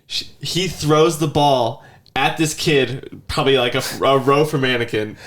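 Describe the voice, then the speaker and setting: A man's voice: medium pitch, steady tone, unhurried, a bit bright. A man in his thirties chats on a podcast with loose, rambling storytelling. His voice sits in an ordinary middle register. Now and then he slips into a whiny child's voice. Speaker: podcast host. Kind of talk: casual chat.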